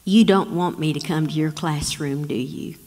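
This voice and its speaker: A woman voicing a gentle, proud janitor father with a baritone voice, in a live storytelling show. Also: steady tone, normal speed. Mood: tender. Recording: long reverb of a performance hall.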